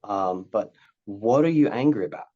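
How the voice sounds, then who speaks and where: A man's voice: fairly low pitch, expressive, moderate pace, darkish tone. Rambling man explaining, slightly dull sound. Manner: rambling, repeats words, acts out parent and child lines. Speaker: guest, parenting coach. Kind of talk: casual conversational explaining.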